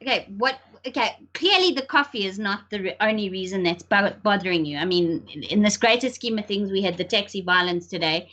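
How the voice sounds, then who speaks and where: A woman's voice: medium pitch, a little fast, hardly any pauses. A middle-aged woman chatting emphatically as a podcast co-host. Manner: emphatic, animated, sometimes laughing nervously. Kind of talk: casual chat.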